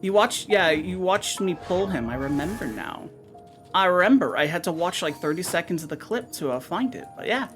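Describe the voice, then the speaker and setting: A woman's voice: fairly low pitch, moderate pace, faint music behind. Chatty woman gamer yapping to chat, swears a lot, voice goes all over the place. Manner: excitable, chatty, swears casually. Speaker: streamer. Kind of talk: casual game-stream chat.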